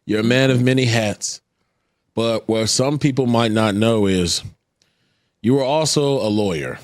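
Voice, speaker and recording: A man's voice: medium pitch, measured pace, no room sound. Playful male co-host, dry close sound. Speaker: podcast co-host. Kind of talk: casual interview questions.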